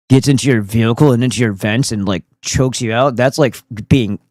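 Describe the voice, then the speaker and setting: A man's voice: medium pitch, moderate pace, hardly any pauses, a little mellow, no echo. A man hosting a casual livestream, talking in a goofy, profane and rambling way. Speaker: streamer host.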